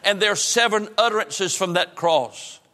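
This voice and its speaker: Guy preaching a sermon, high ringing voice, echoey church hall, keeps repeating himself fervently. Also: moderate pace. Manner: fervent preaching with repetitions, drops to a hush at solemn lines. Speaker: pastor.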